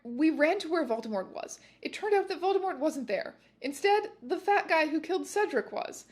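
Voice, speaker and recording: A woman narrating a fan fiction aloud in a comic, deadpan dramatic reading with mocking asides. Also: high-pitched, normal speed.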